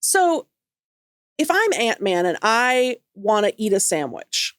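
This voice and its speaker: A woman's voice: medium pitch, very animated, takes it slowly, a bit bright, no room sound, clean studio sound. A woman co-hosting a podcast, bantering in a playful, quizzical way in casual chat. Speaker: podcast co-host.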